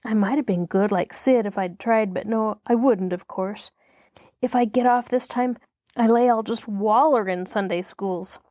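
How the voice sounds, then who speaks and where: A woman voicing a scrappy, easily frightened boy who talks in excited, breathless whispers with a rustic drawl. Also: medium pitch, measured pace, no echo, studio quality, lightly acted. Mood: remorseful.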